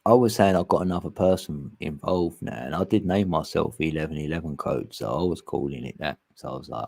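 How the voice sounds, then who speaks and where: A man's voice: very deep voice, vocal fry, mellow, breathy edge, no echo. A man, rambling and laughing often in casual chat as a livestream host.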